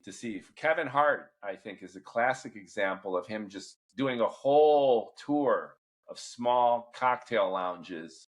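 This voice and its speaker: A middle-aged man hosting a podcast, asking long, thoughtful questions at a measured pace. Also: fairly low pitch, lively intonation. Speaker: podcast host. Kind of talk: interview questions and commentary.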